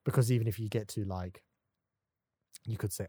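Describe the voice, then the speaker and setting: A man's voice: fairly low pitch, expressive, moderate pace, dark tone, slightly rough, no room sound, studio quality. A man co-hosting a casual podcast chat, ranting with energy and putting on voices to mock what he quotes. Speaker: podcast co-host.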